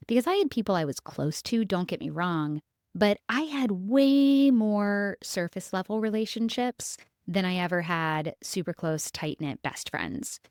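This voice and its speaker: A woman's voice: lowish voice, no room sound, studio quality. A young adult woman hosting a podcast, talking candidly and conversationally to her listeners, with plenty of casual fillers. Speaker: podcast host. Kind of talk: reflective solo podcast monologue.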